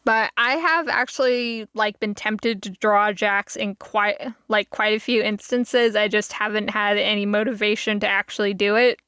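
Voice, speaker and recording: A woman's voice: mid-range voice, steady tone, normal speed, hardly any pauses, pushed and bright, clear, resonant tone, no room sound, clean studio sound. A woman streamer chatting casually to her viewers, rambling with many fillers and laughing asides. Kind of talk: casual live-stream chat.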